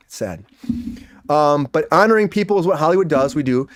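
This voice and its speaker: A male host runs a comedy entertainment news chat at high speed, his fairly high voice leaping up and down as he slips into quick impressions. He is recorded close on a dry studio mic. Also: dry recording. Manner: fast, animated and joking, with quick impressions.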